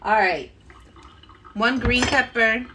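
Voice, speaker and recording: Brief: middle-aged woman, casual kitchen livestream host, talkative, loud chopping and clatter behind her. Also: a little high, slow, background noise. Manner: chatty, talks to viewers while chopping, laughs often. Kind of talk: casual cooking livestream chat. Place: home kitchen.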